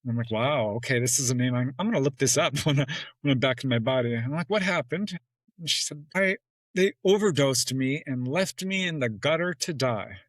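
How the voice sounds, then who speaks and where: A man in a relaxed interview who tells his stories with plenty of animation. He acts out the dialogue and jumps up in pitch when he quotes, with frequent little laughs. His voice sits in a middle register, recorded close and dry with no room sound. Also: a little fast, no room sound, rough recording. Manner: laughs often between phrases. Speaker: podcast guest. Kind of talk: casual storytelling in an interview.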